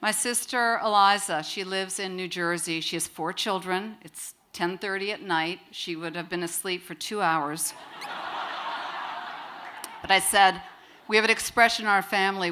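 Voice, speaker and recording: Bright-voiced woman telling a story. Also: lowish voice, smooth. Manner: lively, wry, acts out quoted voices. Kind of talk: live personal storytelling to an audience.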